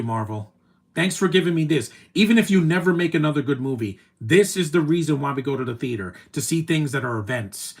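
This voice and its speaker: A man with a rough, gravelly voice chats through a movie on a live stream. He rambles and gushes like a devoted fan, sounding choked up and teary. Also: mid-range voice. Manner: gushing, emotional, rambling fan talk. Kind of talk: casual reaction commentary.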